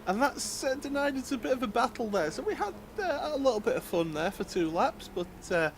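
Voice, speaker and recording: High-voiced male race commentator. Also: big pitch swings, a little fast. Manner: chatty, many fillers, laughs easily. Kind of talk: live sim racing commentary. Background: race car engine noise.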